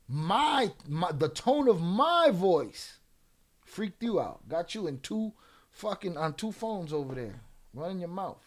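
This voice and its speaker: Speaking slowly in a high voice with big swings in pitch, this man runs a livestream and chats with viewers. His drawling, streetwise manner comes out as he mocks and trash-talks the trolls.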